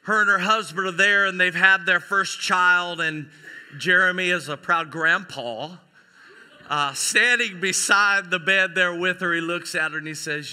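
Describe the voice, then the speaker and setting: A man pastor preaching a sermon, telling an animated story and acting out the people in it. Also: high voice, a little slow. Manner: animated storytelling, voicing characters in a skit. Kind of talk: sermon with acted illustration. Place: church sanctuary. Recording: church sanctuary with long reverb.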